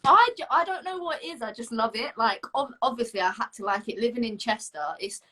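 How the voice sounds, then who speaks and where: A woman's voice: on the high side, fairly quick, sharp tone. A young woman from the south of England hosting an interview, chatty and enthusiastic. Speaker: host. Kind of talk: casual interview chat.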